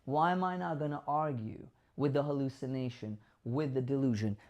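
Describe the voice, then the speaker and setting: Speaking directly to the camera in an emphatic way, a doctor hosting a caregiving advice show occasionally plays out example conversations. His medium-pitched, slightly mellow voice moves at a moderate pace, and the recording is muffled.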